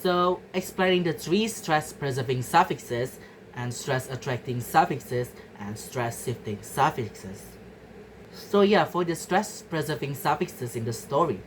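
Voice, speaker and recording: A woman's voice: extremely low pitch, expressive, a little slow, a little hiss or hum, poor audio. A young woman from Indonesia giving a class presentation, carefully repeating example words to show their stress. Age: young adult. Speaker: student presenter.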